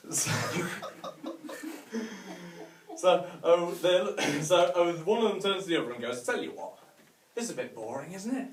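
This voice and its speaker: Self-mocking Northern English comedian. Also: male voice, on the high side. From Northern England. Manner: chatty, self-mocking, with mild swearing. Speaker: stand-up comedian. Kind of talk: stand-up routine. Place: large hotel venue with a live audience. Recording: echoey room, distant mic, faint noise.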